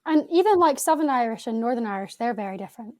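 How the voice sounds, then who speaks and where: A woman's voice: fairly high pitch, expressive, fast, dark tone, dry recording. A young woman from Scotland with a Scottish accent, chatting casually as a podcast guest, modest and self-deprecating. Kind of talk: casual chat.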